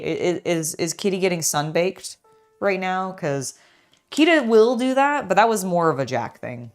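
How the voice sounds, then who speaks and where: A young woman with a low, deep voice chats loosely as she builds LEGO, rambling with plenty of "like" and "um" and cooing at her cat now and then. Soft music plays faintly behind her. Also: expressive, moderate pace. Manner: chatty and rambling, talks to her cat, many fillers. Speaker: LEGO builder and channel host. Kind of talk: casual building vlog chat.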